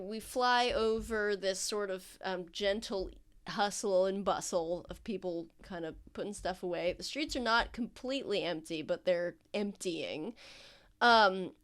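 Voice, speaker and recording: A woman's voice: medium pitch, slow, fairly bright tone, clear, resonant tone. A woman running a tabletop game as game master, narrating in a rambling, playful way with many fillers.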